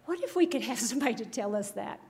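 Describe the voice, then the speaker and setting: A woman's voice: fairly high pitch, lively intonation, fast talker, a little mellow. A woman giving a devotional Bible teaching, earnest and emphatic, full of rhetorical questions.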